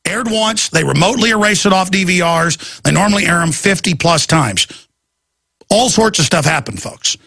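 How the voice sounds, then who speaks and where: A man hosting a radio show, ranting urgently and emphatically in a gravelly voice. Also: high voice, expressive, normal speed, sharp tone, no room sound. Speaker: radio host. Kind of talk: impassioned talk radio monologue.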